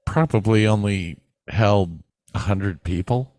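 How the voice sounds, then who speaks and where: A man's voice: lowish voice, slow, a little mellow, dry recording, studio quality. A middle-aged man co-hosting a podcast, telling loose, rambling stories in a casual chat and swearing freely. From northern United States. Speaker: podcast co-host.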